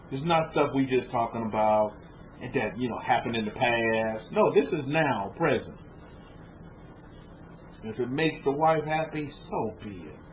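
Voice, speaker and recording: Man preaching over a tinny line. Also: mid-range voice. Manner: informal, rhetorical questions to listeners, repeats words. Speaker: rabbi teaching a congregation. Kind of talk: conversational sermon lecture. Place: room with a small group of about twelve. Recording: tinny phone-like lo-fi with faint noise.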